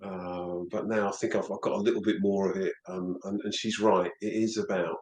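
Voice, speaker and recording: A man speaking in a low voice. He is a guest in a relaxed conversation, and he stumbles and repeats his words as he reflects. The sound carries a noticeable roomy echo. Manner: halting, repeats words often. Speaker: interview guest.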